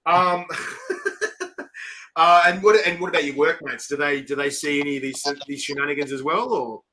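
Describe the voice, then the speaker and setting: A man's voice: on the high side, big pitch swings, moderate pace, bright, forceful tone, slight background noise. A man with an Australian accent hosting a casual live-stream interview, chatty and slangy, laughing often. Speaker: host.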